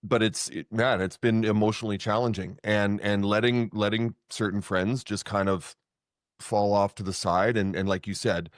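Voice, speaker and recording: Man, podcast host, lowish voice, dry sound, hesitant, restarts a lot. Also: steady tone, moderate pace, no room sound. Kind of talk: conversational interview.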